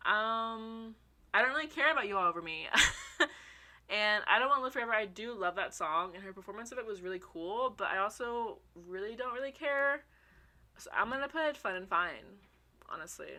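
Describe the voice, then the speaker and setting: A young woman chatting casually to her viewers, excitable, swearing freely and laughing often. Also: mid-range voice, normal speed. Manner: talks to her viewers as y'all. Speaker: vlogger. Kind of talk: casual chat.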